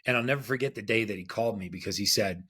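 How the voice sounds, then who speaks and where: A man's voice: on the low side, racing, sharp tone, husky. A man being interviewed as a podcast guest, telling a story casually and acting out the quotes with animation.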